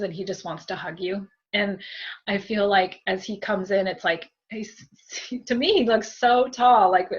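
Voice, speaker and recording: Gentle chatty woman medium, lo-fi. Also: mid-range voice, breathy edge. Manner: gentle, chatty, many fillers and thank-yous, soft laughs. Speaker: medium giving a group reading. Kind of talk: spiritual reading, conversational.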